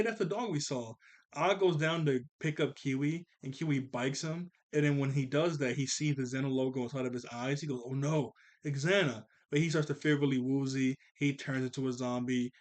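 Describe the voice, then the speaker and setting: A man casually recapping and reviewing a cartoon episode, laughing often and slipping into quick character voices. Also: medium pitch. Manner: animated, laughs often, jumps into character voices when quoting.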